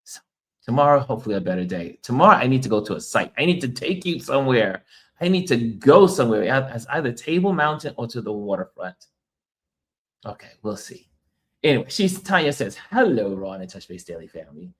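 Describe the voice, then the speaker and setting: Middle-aged American male host, travel-weary, loose chatty delivery, laughs a lot, mid pitch. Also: animated, a little fast. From United States. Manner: chatty, laughs often, reads viewer comments aloud. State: tired from travel and little sleep. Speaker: livestream host. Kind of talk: casual livestream chat.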